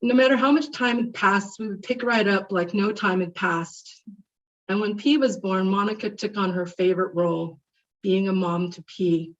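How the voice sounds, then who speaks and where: A middle-aged woman gives a heartfelt eulogy at a memorial service, telling fond stories about a friend. She sounds set back from a dull, muffled microphone. Her voice sits at an ordinary pitch for a woman. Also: normal speed. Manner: heartfelt, reminiscing, animated when retelling stories. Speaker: eulogy speaker. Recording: distant, muffled mic.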